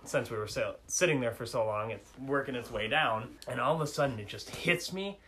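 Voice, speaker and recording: A man's voice: medium pitch, fairly quick, slight background noise, low-quality recording. A young man, telling a funny story casually with friends and laughing at himself. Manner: animated, self-mocking, laughs through story.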